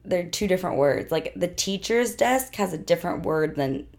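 A young woman with a hoarse, worn-out voice chats casually as a podcast co-host. Her low voice has a gravelly fry, and she talks in a chatty way with lots of fillers and frequent laughs. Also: lively intonation, moderate pace, a little mellow. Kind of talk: casual chat.

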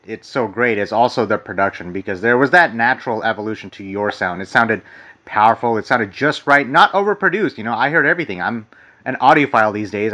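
Bright-voiced male podcast host. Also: medium pitch. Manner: enthusiastic, long-winded questions. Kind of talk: interview questions.

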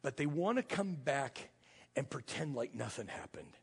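A man's voice: medium pitch, animated, normal speed, gravelly, husky. A male pastor preaching a sermon, retelling a story with dramatic, acted-out quotes. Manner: dramatic storytelling, acting out the lines of the people in the story. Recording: long reverb of a large hall.

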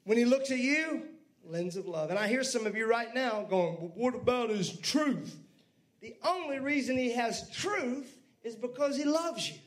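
Man, pastor, very high voice, lively sermon, talks to the congregation. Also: normal speed. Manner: lively preaching with asides to the congregation.

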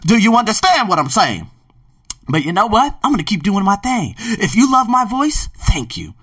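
A man hosting his own podcast, fairly high-pitched with a bright, pointed edge. He talks emphatically, leaping between loud bursts and quiet asides. The sound is dry and a little distant from the mic. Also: normal speed, no echo. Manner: animated, emphatic, swings from loud outbursts to low murmurs. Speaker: podcast host. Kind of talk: podcast book review monologue. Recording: dry, set back from the mic.

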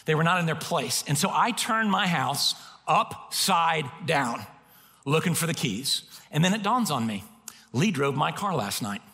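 A man preaching a sermon as a pastor, telling stories in an animated way and poking fun at himself. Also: fairly high pitch, a little slow. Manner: animated storytelling with self-mocking humor. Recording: long reverb of a large hall.

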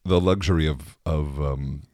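A man with a very low voice talks his way through a loose, chatty podcast monologue. He rambles and laughs easily as he goes. The sound is dry and close, with no room echo. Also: fairly even intonation, unhurried, a little mellow. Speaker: podcast host. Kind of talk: casual monologue.

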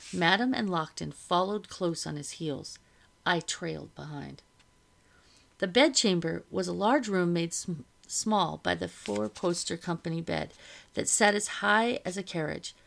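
Gravelly-voiced woman reading a novel aloud. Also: lowish voice. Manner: steady storytelling.

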